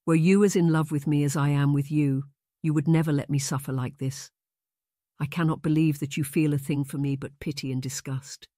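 A man's voice: fairly high pitch, steady tone, fairly quick, dark tone, no echo, clean studio sound, lightly acted. A man voicing a lovesick young marquis, earnest and pleading in formal old-fashioned speech. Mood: bitter.

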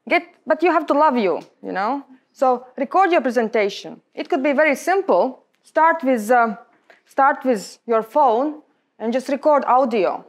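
A young adult woman with a Latvian accent, giving a lecture on public speaking to a room of colleagues in emphatic, halting non-native English. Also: a little high, expressive. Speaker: guest speaker.

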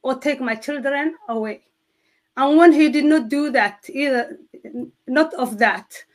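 A woman with a Somali accent earnestly telling her faith testimony, halting and restarting often. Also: sits high. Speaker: guest sharing testimony. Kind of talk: emotional personal testimony.

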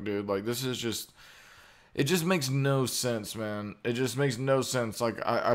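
A man with a low, smooth, resonant voice hosts a live stream. He rambles casually, with swearing and plenty of fillers and restarts. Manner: rambling, profane, full of fillers.

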